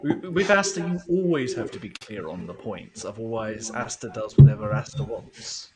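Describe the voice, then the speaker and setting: Mischievous player with a very lively voice. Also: medium pitch, normal speed, a loud crowd. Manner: mischievous, teasing. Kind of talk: tabletop game role-play.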